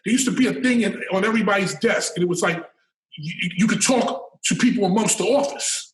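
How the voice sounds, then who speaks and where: A man's voice: sits high, brisk, recorded from a distance, a little hiss or hum. A man as a podcast guest, telling stories in a casual interview, emphatic and profane, often repeating words as he builds a point. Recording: roomy and off-mic.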